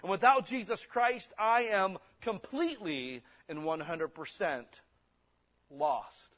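A man preaching a sermon, blunt and forceful, slipping into quick mimicked excuses. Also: sits high.

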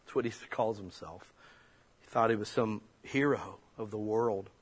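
A male pastor giving a conversational sermon, swinging between loud emphasis and soft, near-whispered lines. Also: on the low side, normal speed, husky.

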